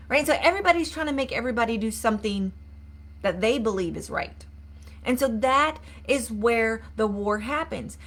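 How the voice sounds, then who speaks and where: A woman mindset coach talks to her viewers on a live stream. Her voice sits a little high, and she is earnest and repetitive, with questions and prompts for comments. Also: expressive, normal speed, fairly bright tone. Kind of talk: live-streamed motivational talk.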